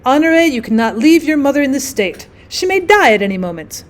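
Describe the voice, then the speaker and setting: A woman's voice: sits high, very animated, a little fast. A woman voicing a stern, angry male country doctor in a storybook reading, scolding and commanding.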